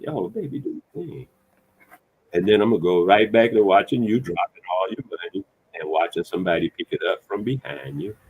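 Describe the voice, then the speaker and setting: A man's voice: low-pitched, a little mellow, a little hiss or hum. A man giving a blunt, colloquial motivational talk, preaching directly at the listener. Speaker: motivational speaker. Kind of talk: casual motivational monologue. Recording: tinny phone-like sound.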